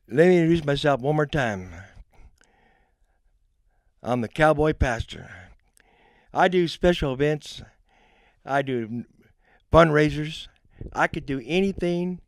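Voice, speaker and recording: A man's voice: mid-range voice, no echo, studio quality. Folksy man telling jokes. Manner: folksy storytelling, many ums and restarts. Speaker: comedian and event entertainer. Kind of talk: stand-up jokes and anecdotes.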